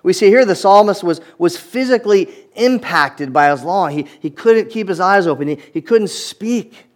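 A man's voice: high-pitched, animated, normal speed. A man preaching a sermon, reading scripture aloud and reflecting on it in an earnest manner, often repeating words as he restarts.

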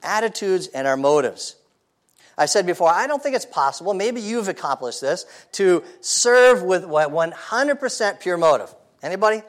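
A male pastor delivers a sermon in an easy, conversational way. His voice sits a little high for a man, and he keeps asking his listeners questions. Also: big pitch swings, moderate pace. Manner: conversational, rhetorical questions, frequent repeated starts.

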